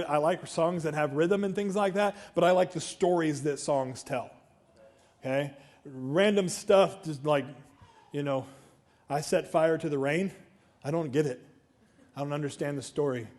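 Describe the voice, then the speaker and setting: A man's voice: a little high, a little mellow. A man preaching a conversational sermon as a pastor, chatty and self-deprecating, with joking asides to the congregation. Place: church.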